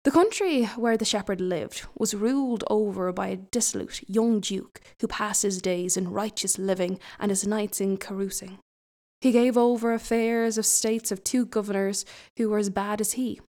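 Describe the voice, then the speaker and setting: A woman's voice: mid-range voice, moderate pace, darkish tone. A woman reading a folk tale aloud, breaking off now and then for chatty asides. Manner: chatty asides between passages. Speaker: storyteller.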